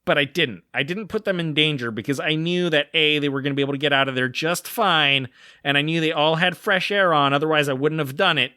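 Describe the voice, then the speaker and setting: A man in his thirties co-hosts a podcast, spinning a long anecdote in loose, rambling talk packed with fillers. His voice is bright and forward, recorded dry and close with no room sound. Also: fairly high pitch, brisk, smooth, no room sound. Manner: rambling, many "like" fillers, acts out quoted voices. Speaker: podcast co-host. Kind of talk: casual storytelling.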